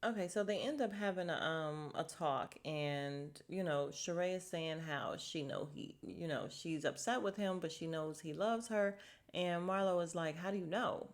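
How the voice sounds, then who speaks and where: A young woman in a loose, gossipy recap, talking in a slightly low voice that jumps up high when she gets excited. She laughs a lot and keeps things chatty and informal. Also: normal speed. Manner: chatty and gossipy, laughs often, lively pitch swings. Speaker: podcast host recapping a reality show. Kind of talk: casual chat recap.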